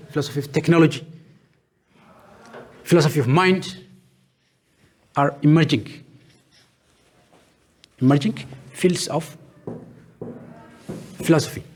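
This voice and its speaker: Husky-voiced man lecturing on philosophy. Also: fairly high pitch. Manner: asks questions and answers them himself; lists terms one by one with pauses. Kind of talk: classroom lecture.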